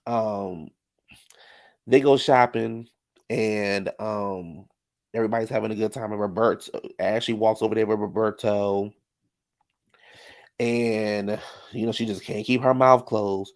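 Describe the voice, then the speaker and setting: A man's voice: fairly low pitch, fairly even intonation, a little slow, long pauses. A man giving casual, sassy reality-TV recap commentary, full of slang like "child" and "honey.".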